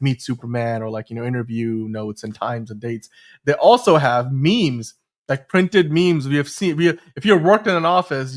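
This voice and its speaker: A male host leading a relaxed fan news show. He talks in a chatty, rambling way full of fillers and restarts, at an ordinary mid pitch. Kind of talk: casual podcast chat.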